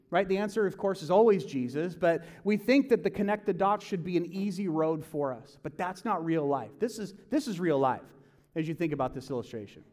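Man, pastor, casual sermon, animated delivery, high voice, echoing hall. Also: a little fast. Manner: conversational, animated, acts out quoted voices. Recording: long hall reverb.

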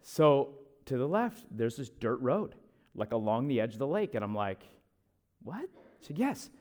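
A young man, a pastor, telling a chatty, animated story from the pulpit, with asides to the listeners. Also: mid-range voice, moderate pace. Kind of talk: storytelling sermon.

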